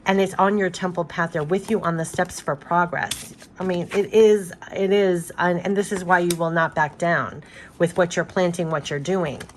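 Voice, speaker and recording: Lower-voiced woman giving an emphatic card reading. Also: fairly even intonation, moderate pace, slight background noise. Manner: repetitive, emphatic and reassuring; loose and rambling with many restarts. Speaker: tarot card reader.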